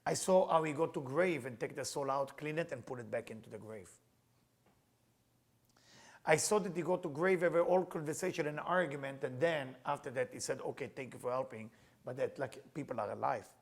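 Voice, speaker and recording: Husky-voiced man teaching Kabbalah. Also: fairly high pitch, a little fast. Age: middle-aged. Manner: earnest, storytelling, plain non-native phrasing. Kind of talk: teaching with personal storytelling.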